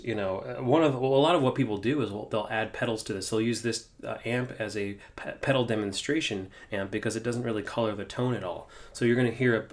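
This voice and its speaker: A man hosting a guitar amp tutorial, talking casually with lots of "uh"s and restarts. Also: medium pitch. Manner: relaxed, many fillers and restarts. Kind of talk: casual gear demonstration.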